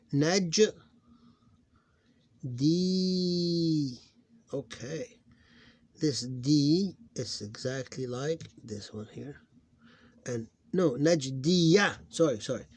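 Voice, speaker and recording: A man teaching a phonics lesson, explaining in halting English with restarts and sounding out syllables loudly and slowly. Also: mid-range voice, husky. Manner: halting, with many restarts and self-corrections. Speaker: Arabic reading teacher.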